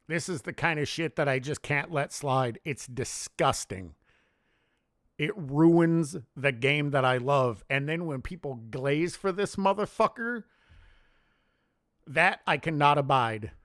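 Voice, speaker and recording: A man's voice: a little high, no echo, studio quality. A man delivering a heated, profane solo rant as a sports commentary vlogger, scornful and blunt. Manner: heated, profane, contemptuous ranting.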